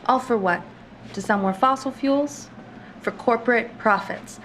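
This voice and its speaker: A woman's voice: fairly high pitch, a little slow, fairly bright tone, slight background noise. A woman in a game role giving a scripted, indignant activist statement with rhetorical questions. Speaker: protest video speaker.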